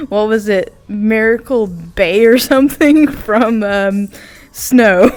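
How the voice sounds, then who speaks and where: Giggly english woman rambling on a vlog, bit high, smooth clear voice. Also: slow. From England. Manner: giggly, tangent-prone, lots of fillers. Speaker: VTuber vlogger.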